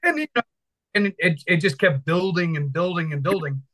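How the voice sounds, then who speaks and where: A man's voice: high-pitched, lively intonation, a little fast, a bit bright, poor audio. A man in his thirties from Virginia, a firefighter instructor talking casually and energetically in an interview, rambling and swearing freely.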